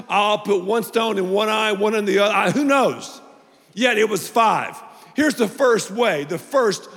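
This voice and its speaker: Animated high-voiced male pastor preaching. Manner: playful and animated, with repeated phrases. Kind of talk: energetic sermon to a family audience. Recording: long reverb of a large hall.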